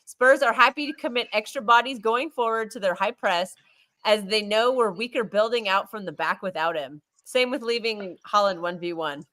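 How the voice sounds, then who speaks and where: A woman hosting a live fan stream, chatting in an animated way and cutting in over the others. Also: mid-range voice, normal speed, no room sound. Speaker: stream host. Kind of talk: casual chat.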